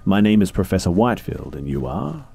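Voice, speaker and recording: A man's voice: deep voice, sing-song, a little fast, vocal fry, dark tone, husky, heavily acted. A man voicing a coldly polite professor who speaks with patronizing, courteous menace. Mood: smooth, menacing. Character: coldly polite male professor experimenting on a captive.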